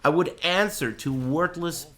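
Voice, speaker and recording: A man's voice: fairly high pitch, measured pace. A man streaming, ranting and joking at length to his chat in a casual, profane, mocking way while watching a tournament. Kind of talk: casual livestream rant.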